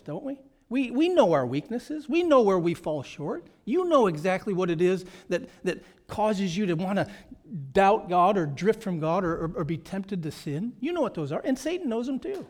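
High-voiced man preaching emphatically. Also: a little mellow. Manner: emphatic, conversational preaching with repeated phrases. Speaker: pastor. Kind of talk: sermon.

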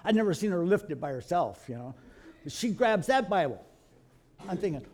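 A middle-aged man from Kentucky, telling animated stories to a live audience in a folksy preaching style, calling the listeners folks. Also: high-pitched, normal speed. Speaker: creationist speaker.

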